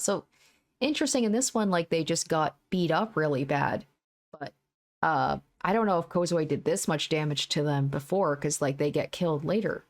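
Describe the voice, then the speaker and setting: Young woman w a low voice reading a visual novel out loud, steady and even, tosses in casual little comments. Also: moderate pace. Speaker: game streamer.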